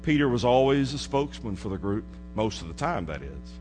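A man preaching a sermon in a church, dropping to hushed low asides and rising to emphatic declarations. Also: sing-song, a little fast, over music. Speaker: pastor. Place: church sanctuary. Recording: hall reverb with mains hum.

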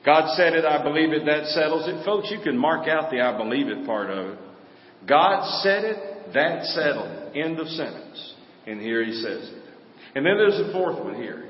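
A man preaching a sermon, with an emphatic, sing-song cadence and sudden swings in volume. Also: high voice. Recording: echoey hall, dull sound.

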